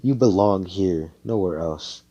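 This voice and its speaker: A brash young squad member, voiced offhand by a man retelling a story. He scolds and teases loudly, a touch higher than the teller's low voice. Casual, with profanity. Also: unhurried, dry recording, dull audio. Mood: reassuring.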